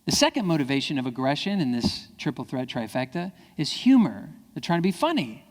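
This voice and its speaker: A man giving a lively keynote speech to parents, acting out quoted kids and parents in high voices. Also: brisk. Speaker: keynote speaker. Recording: hall reverb.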